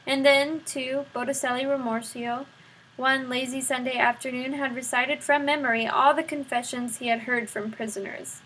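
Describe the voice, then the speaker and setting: Bright-voiced woman reading a storybook. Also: high voice, moderate pace, slight background noise, poor audio. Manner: expressive, addresses the listener directly. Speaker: storybook reader. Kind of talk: read-aloud children's novel narration.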